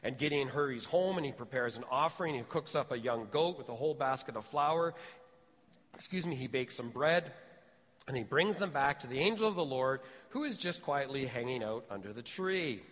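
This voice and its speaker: A male pastor giving a conversational sermon, often dropping to a soft, low voice for emphasis. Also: animated, normal speed, big-room sound. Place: church sanctuary.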